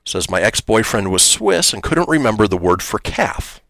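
A man's voice: on the low side, normal speed, gravelly, no echo. A man hosting a casual morning radio show, reading listener posts aloud and joking about them. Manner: lively, reads listener posts aloud with jokes.

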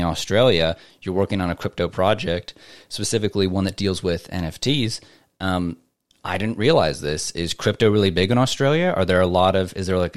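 A man's voice: deep voice, smooth, no room sound, clean studio sound. A chatty, upbeat man hosting a live crypto AMA. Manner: chatty, upbeat, lots of fillers. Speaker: host.

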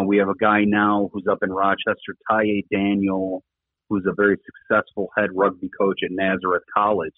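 Middle-aged ex-coach, low husky voice, earnest and rambling, heard over a thin phone line. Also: male voice, dry recording. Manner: earnest, rambling with many fillers. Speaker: former rugby coach, podcast guest. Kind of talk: casual conversational interview talk. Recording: tinny phone-line audio, dry.

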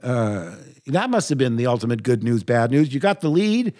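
An older man, a voice actor, telling lively anecdotes in an interview. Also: medium pitch, moderate pace. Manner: animated anecdotes, quotes himself in lively voices. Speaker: voice actor guest. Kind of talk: interview storytelling.

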